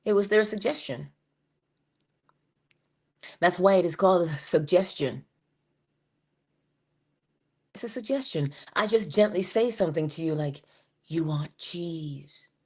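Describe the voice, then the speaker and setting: A woman giving a morning motivational talk, dropping at times into a soft whisper and drawing out key phrases slowly. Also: fairly low pitch, lively intonation, slightly rough. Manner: shifts between full voice and soft unvoiced whisper; drawn-out, emphatic delivery with slowed phrases. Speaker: inspirational speaker.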